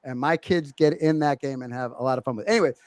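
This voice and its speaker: A man's voice: mid-range voice, quick pace, a little mellow, no room sound, clean studio sound. A middle-aged man co-hosting a podcast, telling a family story in casual chat and acting out his kids' voices. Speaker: podcast co-host.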